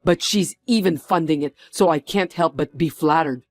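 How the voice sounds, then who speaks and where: A man's voice: fairly high pitch, normal speed, faint music behind, lightly acted. A man voicing a company executive who sternly scolds someone for her cruelty in a drama. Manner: stern, reproachful.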